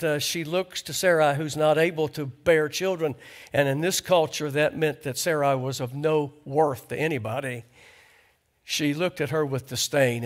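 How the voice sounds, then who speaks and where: A pastor preaching a conversational sermon in a church, asking the congregation rhetorical questions. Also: male voice, on the high side. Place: church sanctuary.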